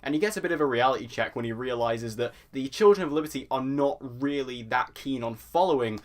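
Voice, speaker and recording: A man rattles quickly through his review of a TV episode, chatty and enthusiastic. His voice sits at an ordinary pitch and he piles on praise as he goes. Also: expressive. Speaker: TV review vlogger.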